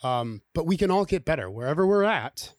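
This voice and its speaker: A man's voice: fairly high pitch, big pitch swings, a little fast, dry recording, studio quality. A man encouraging listeners with advice in a casual, lightly joking podcast conversation.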